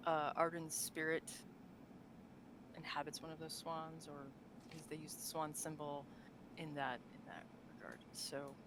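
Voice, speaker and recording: A woman's voice: low voice, noisy background. A woman co-hosting a casual podcast chat about tabletop game lore, talking loosely with fillers and frequent laughs. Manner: chatty, laughs often, many fillers and restarts. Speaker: podcast co-host.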